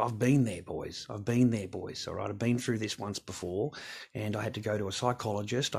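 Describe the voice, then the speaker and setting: A man's voice: on the low side, gravelly, darkish tone, breathy edge. A man talking to camera in his garage, in a blunt, rambling rant full of swearing. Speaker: vlogger. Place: home garage.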